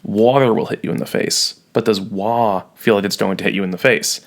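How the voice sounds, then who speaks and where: A man's voice: fairly low pitch, fairly even intonation, brisk. A man teaching a recorded lesson, playful and jokey, leaning hard on key words. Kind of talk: recorded classroom lecture.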